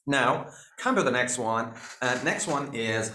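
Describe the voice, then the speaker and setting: A man's voice: medium pitch, expressive, takes it slowly, pushed and bright, a little hiss or hum. A man teaching a spoken lesson, repeating phrases and filling gaps with "you know". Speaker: English teacher. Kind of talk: online spoken English lesson. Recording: echoey room.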